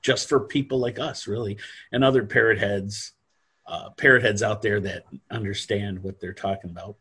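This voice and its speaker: A man's voice: fairly low pitch, fairly even intonation, moderate pace, fairly bright tone, husky. A man co-hosting a podcast, chatting keenly and trailing off mid-sentence. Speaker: podcast co-host. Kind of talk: casual chat.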